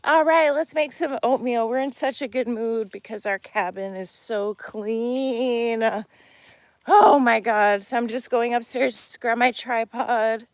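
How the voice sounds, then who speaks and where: A woman's voice: a little high, fairly even intonation, measured pace. A woman live-streaming a casual vlog from her off-grid cabin and homestead, chatting to viewers and calling them y'all as she moves around. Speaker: vlogger, homestead channel co-host.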